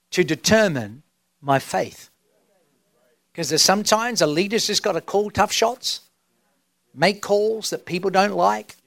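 A man's voice: high voice, vocal fry, fairly bright tone, dry recording. A middle-aged man preaching a sermon as senior pastor, emphatic and drawn out, asking the crowd rhetorical questions. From Australia.

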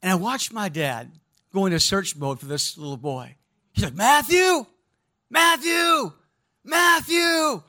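A man with a high-pitched voice delivers a sermon. He tells stories with animation and talks right to the congregation, asking for their response. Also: moderate pace. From American Midwest. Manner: storytelling, animated, addresses congregation directly. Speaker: pastor.

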